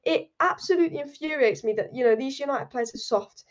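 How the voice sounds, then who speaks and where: A young woman hosts a live-streamed football fan show, ranting heatedly and reading viewer comments aloud. Her voice sits high. The stream audio is dull and lo-fi. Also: fairly quick, hardly any pauses, darkish tone. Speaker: football channel host.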